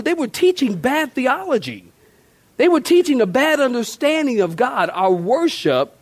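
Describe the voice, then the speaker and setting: A man's voice: a little high, a little mellow. A man, a pastor preaching a sermon in a church, folksy and conversational with playful asides. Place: church sanctuary.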